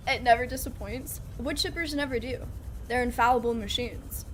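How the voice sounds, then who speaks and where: Jokey woman streamer chatting over gameplay, kinda high voice, game noise clearly in the background. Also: moderate pace. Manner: playful, jokey, laughs often. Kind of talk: casual live gameplay chat. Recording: game sounds audible behind voice.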